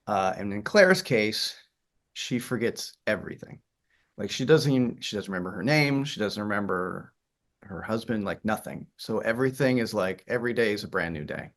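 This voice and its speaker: A man's voice: lowish voice, animated, moderate pace, a bit bright. A middle-aged man from Michigan's Upper Peninsula with a faint Yooper accent, a theater director telling stories in an interview, chatty with many fillers and restarts. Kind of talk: interview conversation.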